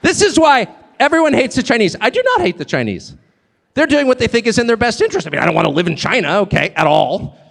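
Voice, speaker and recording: A man's voice: very high-pitched, sing-song, fast talker, vocal fry, a bit bright, big-room sound. A man giving a live stage speech, emphatic and joking, often drifting off on digressions. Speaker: guest speaker at a live event.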